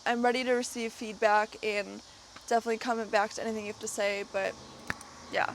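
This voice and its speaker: A young woman speaks straight to her viewers in a casual vlog. Her voice sits a little higher than most women's, and she talks in an earnest, impassioned way. She often stops, repeats herself and starts her sentences again. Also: flat delivery, brisk, vocal fry, background noise. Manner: earnest, impassioned, with frequent fillers and restarts. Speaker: vlogger. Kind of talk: casual talk to camera.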